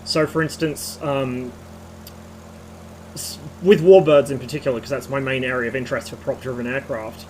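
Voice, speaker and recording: A slightly hoarse man streaming, giving a rambling technical rant with casual swearing. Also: medium pitch, fairly even intonation, normal speed, darkish tone, a little hiss or hum, low-quality recording.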